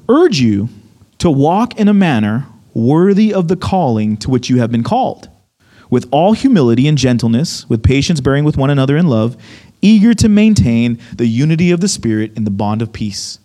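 A man's voice: a little high, moderate pace. A young man preaching a sermon, telling a story with lots of acted-out quotes. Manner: animated storytelling, acts out quotes. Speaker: pastor.

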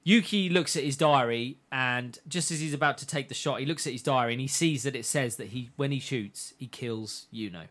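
A man in casual chat with friends, briskly retelling a plot, swearing freely and slipping into quick voiced quotes. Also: mid-range voice, fairly bright tone. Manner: narrates scenes briskly, swears, acts out quotes, laughs often. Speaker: podcast co-host recapping an anime.

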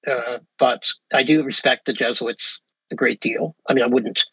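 A man's voice: medium pitch, steady tone, moderate pace, fairly bright tone, breathy edge, no room sound, rough recording. A man with an English Canadian accent, a professor chatting easily as an interview guest, with many fillers and restarts. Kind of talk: casual interview talk.

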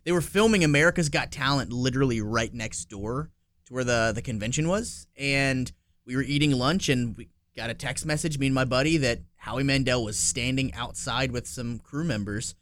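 A man telling stories in a casual chat, animated, laughing often and swearing. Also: medium pitch, normal speed, no echo. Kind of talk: casual storytelling.

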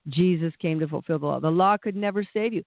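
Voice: mid-range voice, quick pace, vocal fry, dry recording. A preacher giving a conversational sermon, plain-spoken, with restarts and acted-out voices. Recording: tinny phone-like dry sound.

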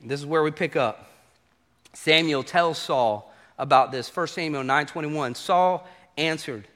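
A man preaching a sermon to a congregation as pastor, animated and acting out quoted voices. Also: on the high side, measured pace.

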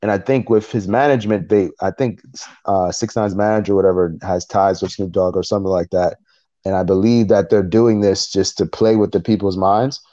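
A man co-hosting a podcast in casual chat, retelling events in an animated way and acting out what people said. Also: deep voice, a little fast. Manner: animated storytelling, acting out quotes. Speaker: podcast co-host. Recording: dull lo-fi recording.

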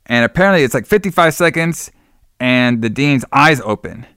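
A man's voice: medium pitch, lively intonation, moderate pace, sharp tone, smooth, no echo, clean studio sound. A man casually recapping a horror movie as podcast co-host, rambling, swearing and laughing often.

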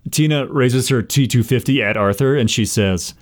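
Matter-of-fact male player, mid-pitched. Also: moderate pace. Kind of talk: in-character tabletop play.

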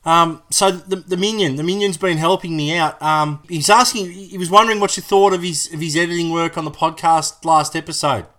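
Jokey host, excitable, pitched a bit high. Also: male voice, fairly quick, few pauses. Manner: excitable, jokey, laughs a lot. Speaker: podcast host. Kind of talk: comedy podcast chat.

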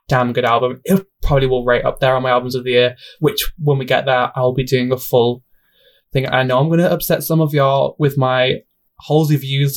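A young man hosting a casual solo podcast, rambling and self-deprecating, often laughing at himself, talking into a home mic. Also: mid-range voice. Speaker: podcast host.

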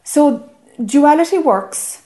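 A woman's voice: high-pitched, lively intonation, slow pace, mellow. A woman with an Irish accent giving a spiritual teaching talk to a group, earnest and often checking whether listeners follow.

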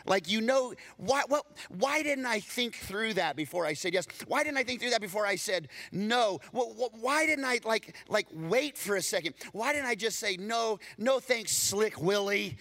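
Bright, animated man preaching. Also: sits high, moderate pace, hardly any pauses. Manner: animated, acts out dialogue, repeats words when excited. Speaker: pastor. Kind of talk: storytelling sermon.

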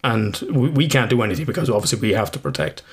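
A man's voice: fairly low pitch, sing-song, fast, husky. A man in his thirties, a psychotherapist co-hosting a podcast, rambling casually with swearing and laughter. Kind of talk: casual chat.

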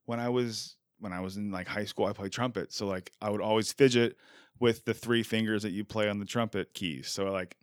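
A man's voice: fairly low pitch, steady tone, a little fast, no room sound, clean studio sound. A young American man hosting a podcast, chatting casually and animatedly, swearing and acting out the voices he quotes. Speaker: podcast host. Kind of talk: casual chat.

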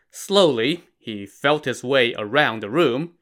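A man's voice: medium pitch, lively intonation, slow pace, hardly any pauses, fairly bright tone, faint music behind. A man narrating a classic tale in a casual, wry style with modern slang. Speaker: storyteller.

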